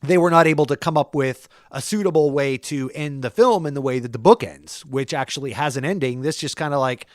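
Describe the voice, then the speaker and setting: A man co-hosting a podcast, chatting casually in a rambling way with many fillers, often trailing off quietly. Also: medium pitch, a little fast, hardly any pauses, no room sound, clean studio sound. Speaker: podcast co-host. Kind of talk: casual chat.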